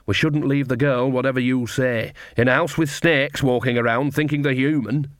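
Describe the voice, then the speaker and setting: A man voicing a cheerful, earthy old witch who chats brightly in plain common speech. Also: mid-range voice, steady tone, moderate pace, no echo, close to an everyday voice. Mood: cheery.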